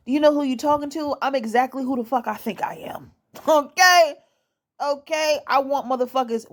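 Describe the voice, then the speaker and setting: A woman's voice: a little high, darkish tone. Blunt, profane young woman repeating points for emphasis. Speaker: dating advice vlogger. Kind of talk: casual monologue to camera.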